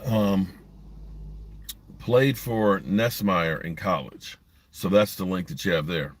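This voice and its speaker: A man's voice: low-pitched, takes it slowly. A man hosting a sports podcast live stream from a parked driveway, talking bluntly and rambling while reading comments from his chat.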